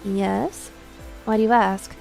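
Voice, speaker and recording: Woman playing a stern nun, deadpan, measured, cool, lower and quieter. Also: gravelly, soft background music, poor audio. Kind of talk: voice acting a game's dialogue on stream.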